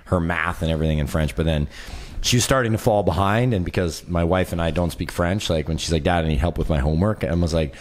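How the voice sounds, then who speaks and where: A man in his forties from western Canada, a guest telling animated stories with quick laughs in a casual podcast chat. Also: low-pitched. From West Coast Canada. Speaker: documentary filmmaker guest.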